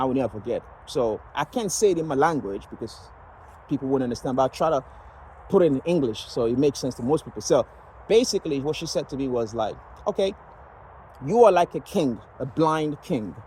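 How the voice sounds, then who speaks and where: A man's voice: medium pitch, animated, fairly quick, a little mellow, slight background noise, rough recording. A man from Nigeria telling a personal story in a loose, rambling way, full of fillers and restarts. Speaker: vlogger sharing personal story.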